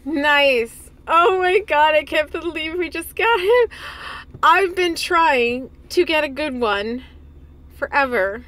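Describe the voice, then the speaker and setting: A woman with a very high voice chatting casually for her vlog. She gushes with excitement, exclaims freely and laughs often. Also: slow. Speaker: vlogger.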